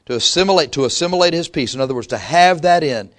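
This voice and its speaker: A man's voice: a little high, lively intonation, quick pace, fairly bright tone. A male pastor preaching a sermon in a conversational way, with frequent restarts and quotes he acts out.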